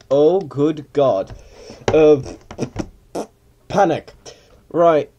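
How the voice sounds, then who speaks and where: A man's voice: a little high, darkish tone. A man giving casual, rambling commentary while playing a flight simulator. He mutters and mocks himself, and now and then slips into mock pilot announcements.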